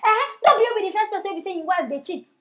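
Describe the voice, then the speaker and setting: A woman's voice: very high voice, animated, rapid-fire, sharp tone. A Nigerian woman hosting a comic celebrity news show, mocking and scolding in gossip commentary.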